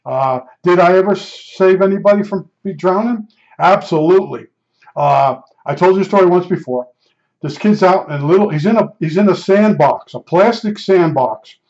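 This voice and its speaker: A man in his seventies tells family stories in a loose, digressive way, drifting into one aside after another. His voice sits a little high for a man. The recording sounds dull and lo-fi. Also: expressive, moderate pace, darkish tone. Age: 70s. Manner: rambling, digressive, many asides. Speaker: vlogger. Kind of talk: casual personal storytelling.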